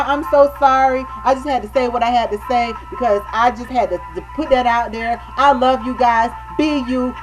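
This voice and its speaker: A woman's voice: sits high, poor audio. A woman video blogger delivering an impassioned rant, emphatic and direct, who keeps asking "you know what I mean" and calls her viewers baby.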